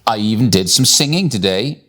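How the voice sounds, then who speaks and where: A man voicing an excitable young girl in a storybook reading, squealing high and breathless. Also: brisk. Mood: cheerful.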